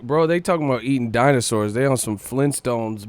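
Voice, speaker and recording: A man hosting a livestream reacts to the chat in a loose, profane, slangy way, laughing often. His pitch is ordinary for a man, and the sound is dry and close, with no room around it. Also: moderate pace, vocal fry, dry recording. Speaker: livestream host. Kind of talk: casual chat reading live comments.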